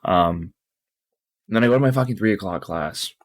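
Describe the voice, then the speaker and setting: A man's voice: fairly low pitch, moderate pace, no echo. A young man co-hosting a podcast, telling a rambling, tired story with lots of swearing. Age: young adult. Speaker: podcast co-host. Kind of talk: casual podcast chat.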